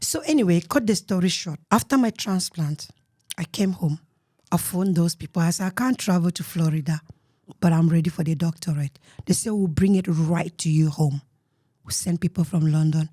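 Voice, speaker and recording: Cameroonian lady telling her story, kinda low voice, mellow, dry sound. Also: normal speed, no room sound. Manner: emotional, earnest storytelling with soft murmured asides. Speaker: guest. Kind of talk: personal story in an interview.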